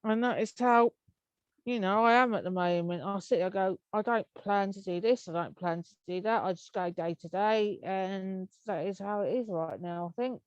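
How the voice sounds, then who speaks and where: An English woman chats as an interview guest, rambling from one thought to the next and laughing often. Her voice sits at an ordinary middle pitch. The sound is dry and close, with no room echo. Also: moderate pace, smooth, lo-fi sound. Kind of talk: casual interview chat.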